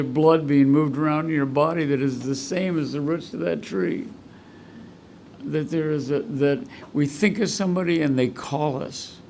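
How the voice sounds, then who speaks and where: Gravelly, heartfelt man telling his story. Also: a little high, a little mellow, a little hiss or hum. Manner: heartfelt, rambling storyteller who chokes up. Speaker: guest speaker at a recovery meeting. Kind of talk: personal recovery talk. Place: meeting room at a school.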